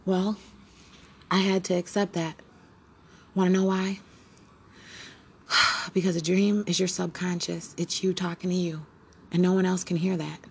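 A woman hosting her own podcast in a rambling, preachy motivational monologue that swings between loud and hushed. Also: fairly low pitch, little pitch movement, a little slow, long pauses, slight background noise. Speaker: podcast host.

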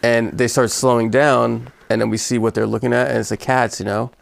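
A man's voice: mid-range voice, little pitch movement, brisk, gravelly. A man co-hosting a podcast, cutting in with dry remarks in casual banter. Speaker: podcast co-host.

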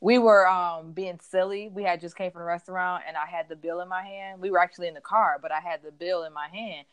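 A woman co-hosting a podcast in casual chat, telling lively stories and acting out what people said. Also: on the low side, brisk, clear, resonant tone, no room sound. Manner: animated storytelling, acts out quotes. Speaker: podcast co-host.

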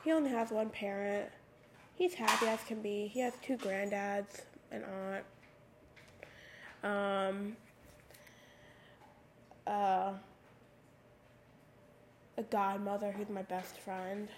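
A teenage girl hosts her own solo podcast, casually rambling into a USB microphone at her computer and saying "like" a lot. Her mid-range voice is raspy, with a slight lisp on s sounds, fairly even intonation, a slow pace, and frequent pauses. There's a little hiss or hum in the audio.

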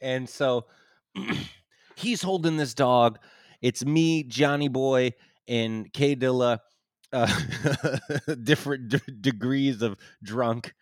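A man telling a story in casual chat, laughing often, swearing and acting out the quotes loudly. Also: mid-range voice, slow, dry recording, clean studio sound.

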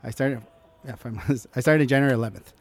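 Man, young adult, interview guest, casual storytelling, animated, acts out quotes, mid pitch. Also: quick pace, vocal fry.

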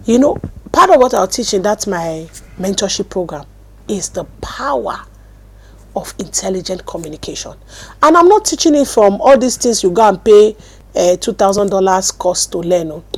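A Nigerian woman teaching a sermon, animated storytelling that swings from loud bursts to hushed words, speaking into a mic at a desk. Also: mid-range voice, moderate pace, breathy edge. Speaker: apostle and teacher.

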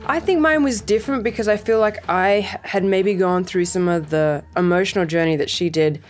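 A woman musician answering interview questions, thoughtful and reflective with wry laughs. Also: on the low side. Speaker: musician guest.

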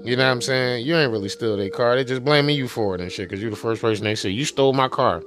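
A man with a medium-pitched voice talks quickly through a loose, rambling, casual monologue, swearing freely and packing it with fillers and repeated asides. Music plays behind him.

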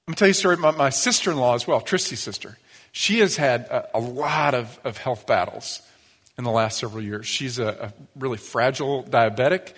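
A pastor giving a sermon, telling stories in a lively, conversational way. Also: male voice, mid-range voice. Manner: storytelling, animated, acts out quoted voices. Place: church sanctuary. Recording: long church reverb.

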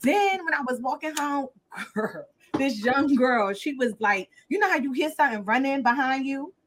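High-voiced animated woman telling stories. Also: moderate pace, a little hiss or hum. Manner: animated, acts out what others said. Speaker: podcast co-host. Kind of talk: casual chat, storytelling.

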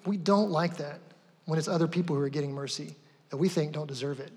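A man's voice: fairly high pitch, quick pace, a little mellow. A man preaching a sermon in a casual, conversational way, often repeating words as he goes and acting out quotes. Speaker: pastor. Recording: long hall reverb.

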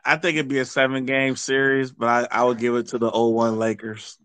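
A man's voice: mid-range voice, level tone, brisk, a bit bright, clean tone, no echo. A man hosting a sports podcast, chatting casually with guests and then wrapping up the episode alone. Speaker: podcast host.

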